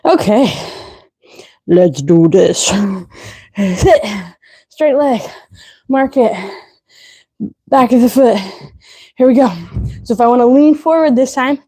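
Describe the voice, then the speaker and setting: A woman's voice: on the high side, expressive, slow pace, pauses often, warm tone. A woman fitness instructor coaching a live leg workout, out of breath, counting reps aloud and giving short cues.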